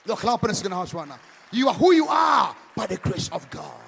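A man preaches in a church hall, his high voice leaping up and down in sing-song swells. His tone is gravelly with a husky edge. Long reverb from the room trails after each shouted line. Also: sing-song, brisk, a faint crowd. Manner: swings from hushed to shouted, sing-song emphasis, calls for claps. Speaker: pastor. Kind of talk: sermon.

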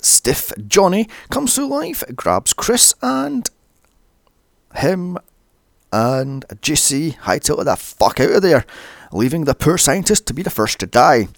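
A man narrates a movie recap with sarcastic, sweary asides. His voice is gravelly and swings up and down a lot. The recording is dry and close. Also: mid-range voice, big pitch swings, a little slow, dry recording. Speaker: movie reviewer.

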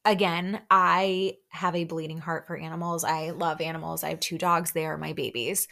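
Young woman podcast host, slightly low voice, gushy casual recap chatter. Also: fairly bright tone. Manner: chatty, gushing, with frequent "like" and laughs.

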